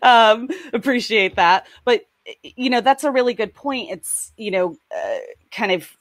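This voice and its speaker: A woman hosting an interview, asking relaxed, agreeable questions. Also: a little high, unhurried, no room sound. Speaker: host.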